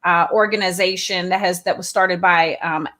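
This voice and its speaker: A woman from California co-hosts a live online talk show. Her voice is bright and forceful, and she talks in a chatty, loose way, filling pauses with ums and uhs. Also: lowish voice, steady tone. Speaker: co-host.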